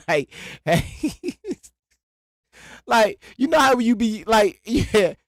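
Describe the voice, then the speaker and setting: Brief: man ranting on his home livestream, unhurried delivery, dry close sound, rambling, swearing, laughing a lot. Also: sits high, big pitch swings, no echo. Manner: rambling, profane, breaks into laughter. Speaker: livestream host. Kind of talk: casual livestream rant.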